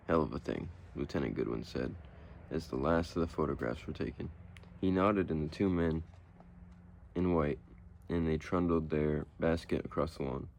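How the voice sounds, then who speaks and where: Male narrator, low voice, steady audiobook reading of a short story. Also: normal speed, vocal fry, a little hiss or hum.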